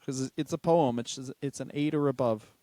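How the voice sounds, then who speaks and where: A man co-hosting a comedy podcast, wry and crude, quick to laugh at his own jokes. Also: mid-range voice, mellow, no room sound. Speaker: podcast co-host. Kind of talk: casual comedic chat.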